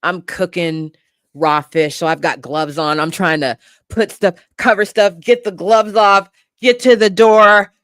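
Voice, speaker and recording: Lively, casual storytelling stream host. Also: mid-range voice, a little slow, clean tone, dry recording, clean studio sound. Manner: lively, swearing, laughing storyteller. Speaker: livestream host.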